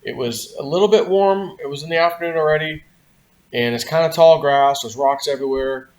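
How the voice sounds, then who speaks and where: A man's voice: fairly high pitch, brisk, a little mellow. A man hosting a vlog, telling a story in a casual, rambling way, full of "you know" and "like". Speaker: vlog host.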